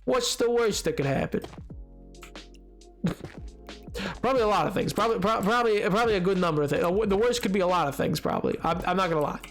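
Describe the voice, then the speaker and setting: A man streaming a game, chatting casually and excitably with his viewers. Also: high voice, quick pace, long pauses, faint music behind. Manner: chatty and excitable, reacting to chat. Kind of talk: casual chat while playing.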